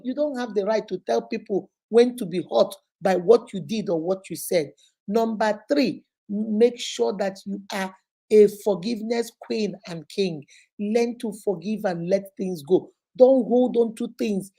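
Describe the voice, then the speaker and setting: Mellow-voiced woman preaching marriage advice. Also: mid-range voice, measured pace. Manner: preachy, greets viewers by name, emphatic. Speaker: host giving marriage advice. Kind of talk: casual live-stream talk. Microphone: phone.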